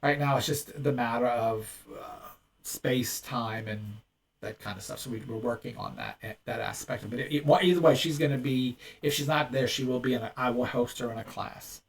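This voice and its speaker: A man's voice: mid-range voice, normal speed, vocal fry, recorded from a distance. A man hosting a podcast in casual chat, rambling with many restarts and fillers. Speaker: podcast host and medium.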